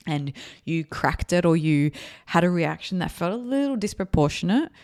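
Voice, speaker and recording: A woman's voice: sits low, darkish tone. A woman therapist hosting an advice podcast, speaking earnestly and repeating her key points for emphasis.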